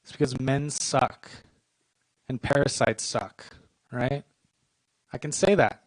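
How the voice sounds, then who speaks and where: A man's voice: mid-range voice, takes it slowly, no room sound, poor audio. Dry-voiced young man doing stand-up. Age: 20s. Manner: deadpan, self-deprecating delivery with short punchlines. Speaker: stand-up comedian. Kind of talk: stand-up comedy set. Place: comedy club stage.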